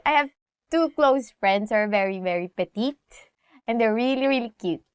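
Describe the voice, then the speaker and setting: A young woman with a Filipino accent hosting a casual language lesson, chatty and laughing often, repeating phrases slowly. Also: a little high, expressive, smooth, dry recording, studio quality. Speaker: language teacher host.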